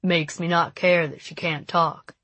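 A woman's voice: on the low side, steady tone, measured pace, a bit bright, husky, no echo. A woman reading an audiobook, voicing a cocky, callous teenage boy who drawls crude, offhand remarks. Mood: smirking. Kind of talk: audiobook character voice.

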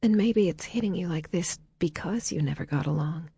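A woman voicing a gentle, comforting young woman who speaks in a soft, hushed half-whisper. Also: fairly low pitch, normal speed, gravelly, husky, dry recording, studio quality, heavily acted. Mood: tender, hushed.

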